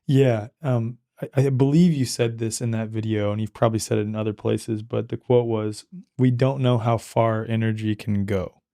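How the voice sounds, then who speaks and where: A man's voice: on the low side, steady tone, normal speed, gravelly, mellow, no echo, clean studio sound. A man hosting a podcast interview, speaking in a reflective, attentive way. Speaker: podcast host. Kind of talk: interview conversation.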